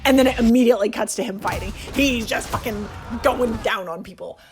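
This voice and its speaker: A young man hosting a casual movie review, excitedly rambling and swearing as he gushes. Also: very high-pitched, fairly quick, music in the background. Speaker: video essay host.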